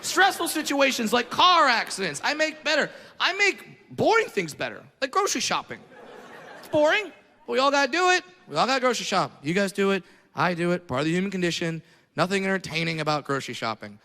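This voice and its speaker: A man doing a stand-up comedy set in front of a live audience, brash and self-mocking, jumping into loud mock voices. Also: sits high, sing-song, fast. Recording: live room with long reverb and noise.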